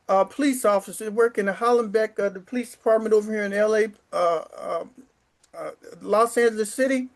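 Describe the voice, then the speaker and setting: A man's voice: high voice, expressive, moderate pace. A man in his sixties, a retired sixth grade teacher, telling stories from home in a rambling, emotional way with stammers and restarts. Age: 60s. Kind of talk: casual storytelling to camera. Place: his apartment.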